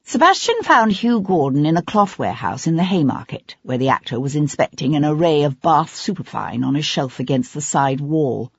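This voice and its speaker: An audiobook narrator reading a novel in a measured, even storytelling manner, in a dry, slightly dull recording. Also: mid-range voice, creaky, husky, no echo. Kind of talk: scripted narration.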